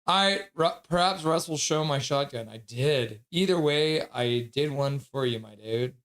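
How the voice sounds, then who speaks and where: Male streamer, a touch high in pitch, reads chat aloud, casual, laughs a lot, bursts into excited yells. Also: unhurried. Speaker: livestream host.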